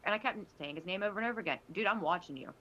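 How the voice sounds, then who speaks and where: A woman's voice: medium pitch, very fast, highs cut off, slight background noise. A woman in casual podcast talk, telling stories animatedly with lots of restarts and quoted voices. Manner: animated storytelling with many restarts. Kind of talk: casual chat.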